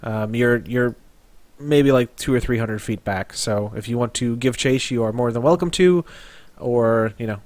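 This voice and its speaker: A man narrating a tabletop game as game master, describing scenes in a loose, halting way. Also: mid-range voice, darkish tone, no echo.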